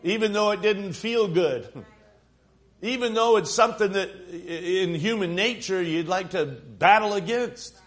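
High-voiced preaching pastor, emphatic. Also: male voice, a little slow. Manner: preaching with rising emphatic repetition. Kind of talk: sermon.

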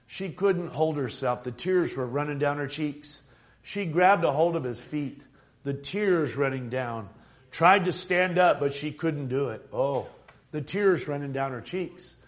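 A man preaching a fervent sermon at a church service, building from quiet stretches up to near-shouting passion. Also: medium pitch.

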